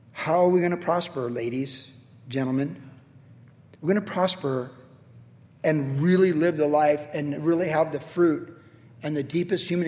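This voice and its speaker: A male pastor giving a verse-by-verse sermon in a conversational, animated way, often checking in with "right?". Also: on the high side. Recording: long hall reverb.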